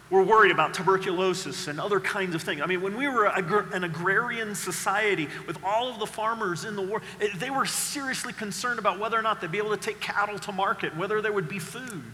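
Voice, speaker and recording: A man preaching a sermon, dramatic, acting out quoted voices and swinging from loud to hushed. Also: high voice, in a large hall, a little hiss or hum. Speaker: pastor.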